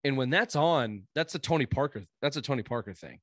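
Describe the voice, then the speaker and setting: A man with a New England accent rambles through sports talk on a casual podcast, dropping swears and fillers as he goes. His voice sits at an ordinary middle pitch, and the sound is dry and close to the mic. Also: expressive, a little fast, a bit bright, no echo. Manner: rambling, profane, frequent fillers.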